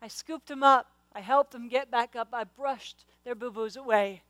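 A middle-aged woman preaching a sermon, her questions swelling into loud, urgent exhortation. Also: a little high, normal speed, no room sound, low-quality recording. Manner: passionate, rising to loud exhortation.

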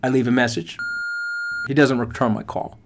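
There's a noisy background as this middle-aged podcast host, mid-range in voice and moderate in pace, shares a motivational story. He's animated and emphatic, talking straight to his audience.

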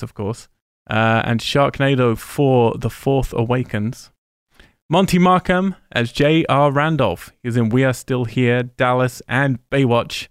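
Brief: gravelly London-accented male co-host who rattles off film credits casually. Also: medium pitch, no echo. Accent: British, London. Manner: rambling, reeling off film credits with dry laughs. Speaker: podcast co-host. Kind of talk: casual chat.

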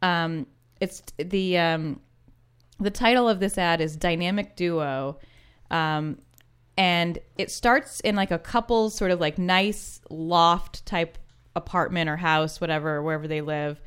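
A woman's voice: lowish voice, a little slow, a bit bright, clear, resonant tone. A woman co-hosting a podcast, chatting casually and laughing as she describes old ad clips. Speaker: podcast co-host. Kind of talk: casual chat.

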